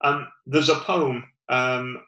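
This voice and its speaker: A man's voice: medium pitch, steady tone, slow pace, sharp tone, echoey room, dull audio. A man with a Northern English accent giving an informal sermon, rambling with many fillers and restarts. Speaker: preacher.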